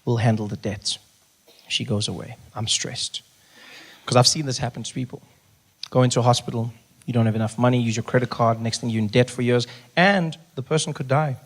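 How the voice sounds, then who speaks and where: Fast, animated comedian. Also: male voice, mid-range voice. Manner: animated, exasperated, swings into loud rants. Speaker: stand-up comedian. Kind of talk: stand-up storytelling.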